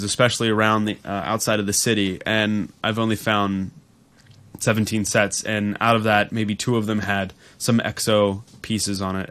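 Relaxed joking man co-hosting. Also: fairly low pitch. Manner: relaxed, jokey, laughs often. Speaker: podcast co-host. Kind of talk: casual chat about a video game.

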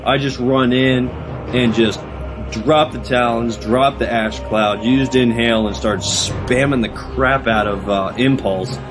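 A man's voice: medium pitch, steady tone, takes it slowly, over music. A man co-hosting a casual gaming podcast, rambling through a story with lots of restarts. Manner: rambling, full of fillers and restarts while telling a story. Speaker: podcast co-host.

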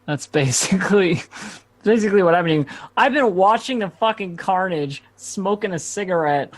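A man plays a tabletop game, swearing freely and talking brashly about his character's actions. His voice sits a bit higher than most men's. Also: lively intonation, moderate pace. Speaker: player. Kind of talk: casual tabletop game chat.

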